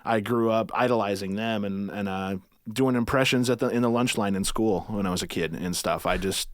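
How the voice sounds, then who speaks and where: A man's voice: lowish voice, brisk, no echo, studio quality. A man talking casually as a podcast guest, easygoing and self-deprecating, often laughing between thoughts. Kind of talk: casual conversation.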